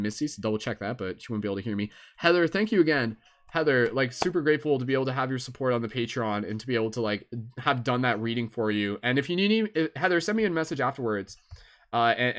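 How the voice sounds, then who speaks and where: Man, Canadian accent, young adult, live-stream host, casual, rambling, filler-heavy. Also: medium pitch. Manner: laid-back, rambling, with many fillers.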